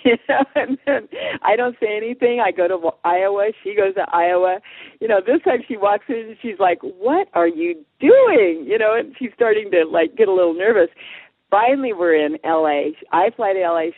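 A woman guest in a radio interview, telling a story in a lively way and acting out what people said. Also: mid-range voice, no room sound. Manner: animated storyteller, acts out quotes. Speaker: guest, passion coach. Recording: dry tinny phone line.

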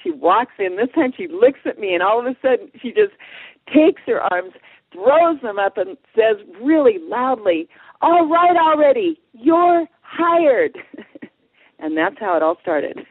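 A woman guest in a radio interview, telling a story in a lively way and acting out what people said. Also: mid-range voice, a little slow, breathy edge, dry recording. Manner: animated storyteller, acts out quotes. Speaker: guest, passion coach. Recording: dry tinny phone line.

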